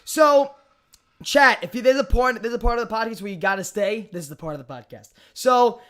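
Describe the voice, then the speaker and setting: A young man with a Brooklyn accent, hosting a podcast and telling a party story with lots of swearing and animated storytelling. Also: very high-pitched, fairly quick. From Brooklyn, New York. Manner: animated storytelling, profane, acts out quoted voices. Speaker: podcast host. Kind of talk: casual chat.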